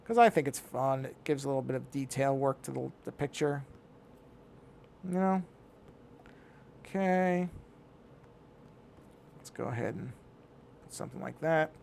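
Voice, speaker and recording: Middle-aged man, gravelly voice, fairly high, casual drawing commentary, faint background noise. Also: normal speed, pauses often, dark tone. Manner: talks to himself while working, muttering. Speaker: digital artist.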